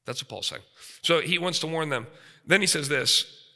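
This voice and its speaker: A man's voice: fairly high pitch, moderate pace, bright, forceful tone. A man in his forties preaching an emphatic sermon, often checking in with his listeners. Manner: emphatic, frequent rhetorical checks with the audience. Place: seminary chapel. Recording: reverberant hall.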